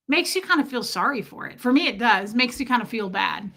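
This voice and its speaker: Bright-voiced woman chatting on a live stream. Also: fairly high pitch. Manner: chatty, reflective, slows down to stress phrases. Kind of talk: casual live-stream chat reading viewer comments. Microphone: streaming mic.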